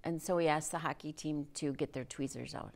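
A woman co-hosting a local community TV show, chatting in an upbeat way with quick, agreeable replies. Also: low-pitched, fairly even intonation, gravelly, slight background noise. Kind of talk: chatty studio banter.

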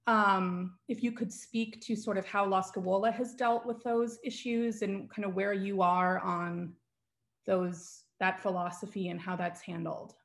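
A mid-pitched woman, a parent, puts a question to a school panel. She hedges and speaks tentatively. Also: fairly even intonation, a little slow, fairly bright tone. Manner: tentative, hedging. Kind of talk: audience question.

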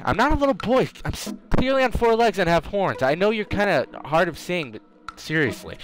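A man doing excitable let's play commentary, trash-talking the enemies in his game. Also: a little high, brisk, soft background music. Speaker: gamer.

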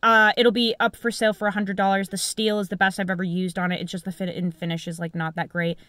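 A woman's voice: medium pitch, flat delivery, fast talker, fairly bright tone, no room sound. Woman, young adult, from the United States, casual vlog chat, rambling, blunt, swearing, dead dry recording. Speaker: knife reviewer and vlogger.

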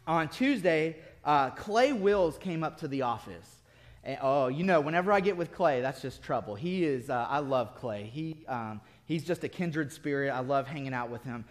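A man preaching a sermon as pastor, telling a story with bursts of laughter and then dropping to quiet intensity. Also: a little high, lively intonation, normal speed. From city-raised. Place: church sanctuary. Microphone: lectern mic at a podium.

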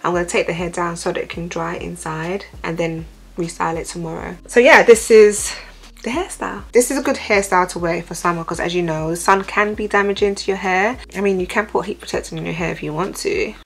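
A woman's voice: lowish voice, fairly quick, breathy edge. A young woman chatting casually through a hair tutorial, talking into a phone at home. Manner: relaxed, chatty, step-by-step. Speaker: hair vlogger.

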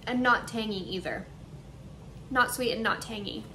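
A young woman with a fairly high voice talks through her shopping haul in a casual, excited way, thinking aloud as she tries each snack. She is at home, and a faint hum runs under her voice. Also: normal speed. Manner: chatty, excited, thinks aloud while tasting. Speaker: vlogger. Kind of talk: casual haul and taste-test vlog. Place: indoors at home, air conditioner running.

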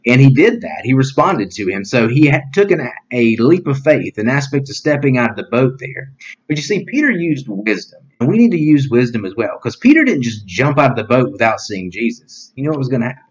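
A man preaching an online sermon as a pastor, earnest and plain-spoken, with a voice that sits at an ordinary middle pitch. He reads scripture and talks it through simply, with frequent "you know"s. The recording is a little muffled and lo-fi. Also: big pitch swings, fairly quick, breathy edge.

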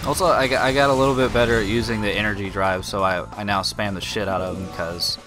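A man's voice: fairly low pitch, steady tone, fast. Guy doing let's play commentary, swears a lot, stumbles and restarts, game music underneath. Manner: loose, profane, frequent restarts. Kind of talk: casual gameplay commentary.

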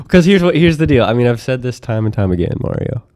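A man's voice: mid-range voice, sing-song, a little fast, darkish tone, dry recording, studio quality. A young man in a casual podcast chat, laid-back and a bit hesitant, laughing between words. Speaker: podcast guest.

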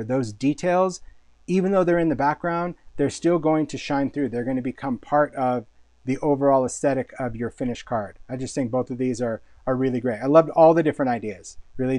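A man's voice: medium pitch, a little mellow, no room sound. A man hosting a casual live product showcase, talking with enthusiasm, chatty and often repeating words as he thinks. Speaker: host and product designer.

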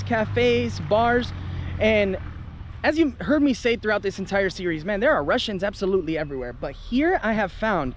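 Indignant high-voiced man venting. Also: slight background noise. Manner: heated, indignant, swears freely. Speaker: travel vlogger. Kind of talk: casual vlog rant to camera.

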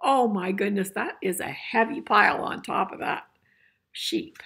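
A woman's voice: medium pitch, a little slow, fairly bright tone, breathy edge. An older woman reading a picture book aloud to children, playful and chuckling, asking her listeners questions as she goes. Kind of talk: interactive read-aloud for children.

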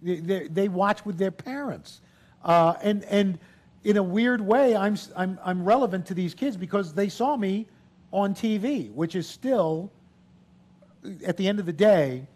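A man in his sixties speaks in a high voice for a man, relaxed and chatty. He tells anecdotes to an audience, acting out the people he quotes, then shifts easily into business talk. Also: unhurried. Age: 60s. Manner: lively storyteller, acts out quotes. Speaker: guest speaker. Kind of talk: animated anecdotes on stage. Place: event hall with audience.

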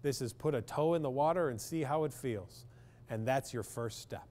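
A man's voice: mid-range voice, normal speed, a little mellow. A man, a clinical psychologist, speaking bluntly and with humor in a public talk to parents, often asking the audience questions.

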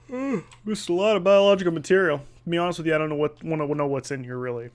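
A man giving casual, joking commentary while playing a video game, excitable and cursing freely. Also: a little high, fast, few pauses. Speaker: gameplay video host. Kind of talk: casual let's-play commentary.

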